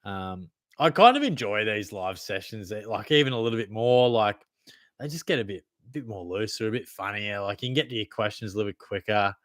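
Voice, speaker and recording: Laid-back Australian bloke, lower voice, dry sound. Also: male voice, lively intonation, fairly quick, a bit bright, no room sound. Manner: laid-back, blokey, calls everyone mate, swears freely. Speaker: fantasy football livestream host. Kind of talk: casual livestream Q&A reading chat.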